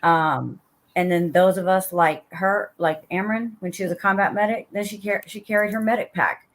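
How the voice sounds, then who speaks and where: A woman's voice: mid-range voice, steady tone, moderate pace. A woman guest and military veteran speaking earnestly in a casual interview.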